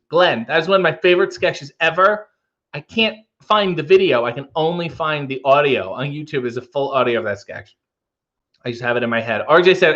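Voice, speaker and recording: A man hosting a casual livestream, reading viewer comments aloud with wry, deadpan asides. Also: fairly high pitch, normal speed, highs cut off. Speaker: livestream host.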